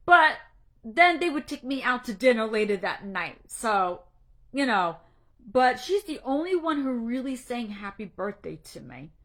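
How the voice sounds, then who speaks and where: Middle-aged woman, anxiety coach, earnest and a bit preachy on a live talk, tearful, voice sits a touch high. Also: very animated, normal speed. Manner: earnest, direct, a little preachy. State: tearful, emotional. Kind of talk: casual livestream talk to a group.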